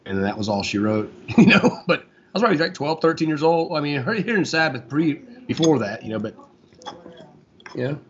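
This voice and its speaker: A man in his forties from Florida, a guest guitarist in a casual interview, talking in a relaxed, rambling way with lots of fillers. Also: on the high side, fairly quick, slightly rough. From Florida, USA. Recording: dull lo-fi sound.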